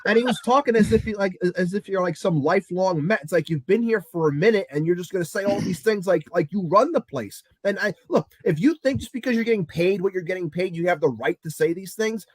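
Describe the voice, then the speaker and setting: A man's voice: high-pitched, fast, hardly any pauses, no echo. A man co-hosting a sports podcast, ranting in an exasperated way and swearing. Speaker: podcast co-host. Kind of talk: heated sports talk rant.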